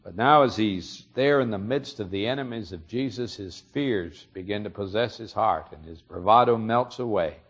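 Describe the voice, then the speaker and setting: A man's voice: fairly low pitch, normal speed, few pauses, husky, lo-fi sound. A man preaching a sermon, retelling a story earnestly and explaining it, his emphasis rising on key moments.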